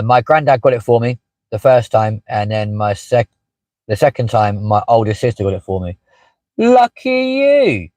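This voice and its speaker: A man's voice: mid-range voice, darkish tone, dry recording, poor audio. A man hosting a casual live stream from inside a parked car, chatting with many fillers and asides as he reads out viewer comments. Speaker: livestream host.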